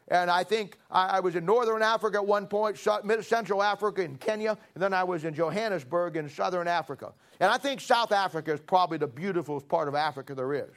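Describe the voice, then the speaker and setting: Guy preaching, pretty high voice, chatty folksy stories, gets loud and punchy. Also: fast, hardly any pauses. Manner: folksy, emphatic, rising to forceful preaching. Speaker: pastor. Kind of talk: storytelling sermon.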